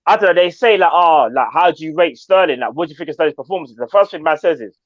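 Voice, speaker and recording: Lively laughing man, dull sound. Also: on the high side, fast talker, no echo. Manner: animated, laughs a lot, slangy. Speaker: fan show co-host. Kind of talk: casual football banter.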